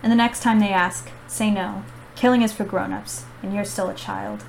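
A woman reading aloud as a calm male assassin who speaks softly and reasonably. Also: medium pitch, moderate pace, creaky, a little hiss or hum, natural voice, rough recording. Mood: cold. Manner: soft, even, reasonable tone.

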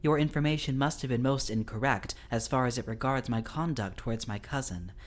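A man's voice: medium pitch, a little fast, lightly acted. A man reading the lines of a young noblewoman in a Victorian story who answers her guardian formally and firmly. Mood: defiant. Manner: hesitant then firm, formal. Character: young noblewoman, timid but firm.

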